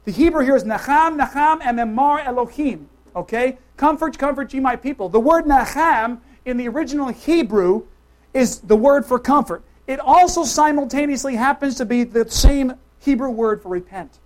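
Emphatic preacher, loud to hushed. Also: high-pitched. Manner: emphatic, swings between loud declarations and soft, hushed asides; talks straight to the congregation with quick questions. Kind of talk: sermon.

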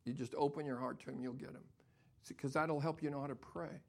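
An older man preaching a sermon as pastor, dropping to soft near-whispers and then building to loud, emphatic preaching. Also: a little high, fairly even intonation, brisk, vocal fry.

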